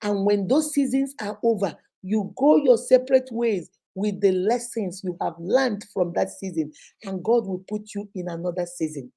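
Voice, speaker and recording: A middle-aged Nigerian woman, a teacher and host, giving an animated, preachy motivational talk sprinkled with Igbo phrases. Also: medium pitch, moderate pace, creaky, breathy edge.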